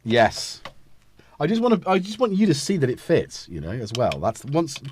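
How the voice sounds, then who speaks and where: A man's voice: mid-range voice, huge pitch swings, moderate pace, darkish tone, slight background noise. A man hosting a casual live stream, talking in a rambling, self-interrupting way while he fits synth modules into a case. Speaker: host.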